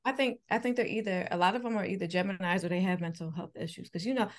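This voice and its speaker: A woman's voice: mid-range voice, quick pace. A woman co-hosting a podcast, chatting casually and teasing with lots of laughter. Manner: animated, laughing, playful teasing. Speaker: podcast co-host. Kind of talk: casual chat.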